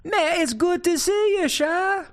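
A simple, cheerful Cajun farmer , as a man plays him, calling out in a high, bright drawl. The voice sits far above a normal man's pitch and sings through each line. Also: lively intonation, unhurried, full character voice. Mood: cheerful, hollering.

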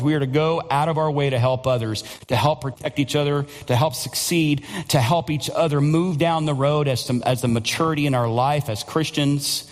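A male pastor preaching a sermon, building to loud, emphatic passages and calling for amens. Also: fairly high pitch. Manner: preaching with rising, near-shouted emphasis. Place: church sanctuary. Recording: long church hall reverb.

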